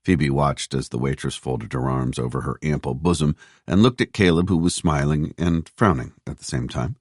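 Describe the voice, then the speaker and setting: A man reading a thriller audiobook in a measured, steady narration on a close mic. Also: extremely low pitch, no room sound. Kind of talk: scripted narration.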